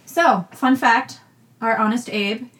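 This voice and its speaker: A woman's voice: fairly high pitch, takes it slowly, fairly bright tone. A young woman from New England, co-hosting a podcast, telling a spooky story in a casual, jokey way. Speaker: podcast co-host.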